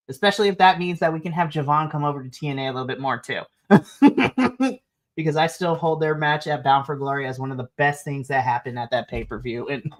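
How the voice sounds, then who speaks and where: A woman co-hosting a wrestling podcast, chatting casually, laughing often and acting out wrestlers' lines. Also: low-pitched. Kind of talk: casual review chat. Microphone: streaming mic.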